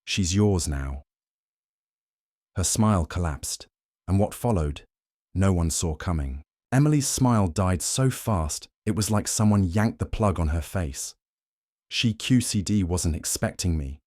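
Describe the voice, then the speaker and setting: Deep voice guy reading a first person drama story, calm and clipped, dry sound. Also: a little slow, dry recording. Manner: calm, terse. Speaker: narrator.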